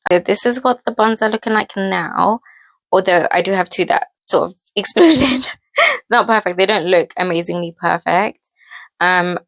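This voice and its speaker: A woman's voice: lowish voice, fairly bright tone, dry recording. A young woman vlogger chatting casually as she cooks, giggly and full of fillers. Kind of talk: casual storytelling while cooking. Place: home kitchen.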